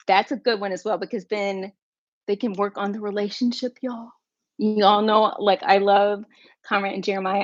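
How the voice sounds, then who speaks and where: A chatty woman hosts a home livestream, musing out loud to her viewers with plenty of ums and side tangents. Her voice sits at a middle pitch. The sound is dry and a little dull. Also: no room sound. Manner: chatty, thinking aloud with fillers and asides. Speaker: livestream host. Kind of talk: casual chat with viewers.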